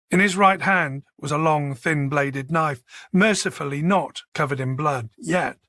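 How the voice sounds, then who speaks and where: A man narrating a thriller audiobook in a steady, measured way. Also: on the high side, no echo, clean studio sound. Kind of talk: scripted narration.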